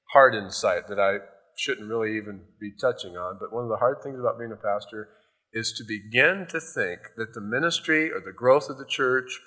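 A man's voice: on the low side, a bit bright. A male pastor giving a sermon in a loose, conversational storytelling way, often adding "you know".

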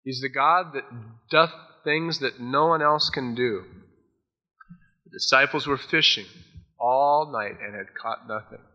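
A man preaching a sermon, retelling Bible stories in a casual, animated way and acting out the characters' lines. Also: mid-range voice, measured pace. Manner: storytelling, acts out the voices of Bible figures. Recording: long hall reverb.

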